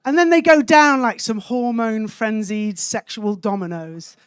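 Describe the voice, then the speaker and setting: A woman from Wales performing a cheeky stand-up set, landing punchlines deadpan on a comedy club stage. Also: a little high, measured pace, clean tone, no room sound.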